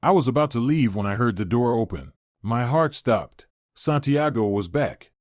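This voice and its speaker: A man reading a first-person drama story in a steady, measured way. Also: medium pitch, dry recording, clean studio sound. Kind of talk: scripted storytelling narration.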